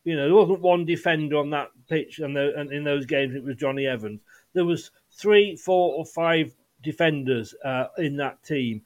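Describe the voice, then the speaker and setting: Male podcast host, slightly high voice, rambling casual football talk, brief. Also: normal speed. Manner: rambling with frequent restarts and fillers.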